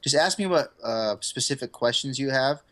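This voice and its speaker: A man's voice: mid-range voice, lively intonation, moderate pace, a bit bright. A man guesting on a podcast, eager to talk at length about games. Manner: eager, ready to ramble on games. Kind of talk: casual chat.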